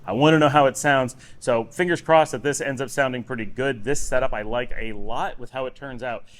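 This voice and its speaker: A man talking through his day in a relaxed, rambling daily vlog, recorded in his home office on a recorder sitting on a table. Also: mid-range voice, brisk. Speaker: vlogger. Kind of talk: casual daily vlog talk.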